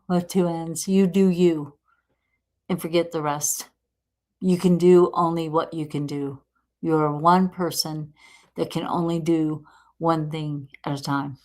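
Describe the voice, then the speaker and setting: A woman with a low, deep voice gives a casual live tarot reading. She talks slowly and warmly encouraging, chatting to viewers and laughing often. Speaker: tarot reader host.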